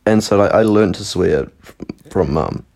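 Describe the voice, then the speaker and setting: A man's voice: low-pitched, normal speed, vocal fry, darkish tone. A man co-hosting a podcast, chatting casually, telling stories, laughing often and swearing freely. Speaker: podcast co-host.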